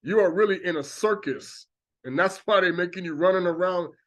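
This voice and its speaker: A man's voice: high-pitched, brisk. A man preaching a religious monologue, talking animatedly and acting out reactions with exclamations. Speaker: religious teacher.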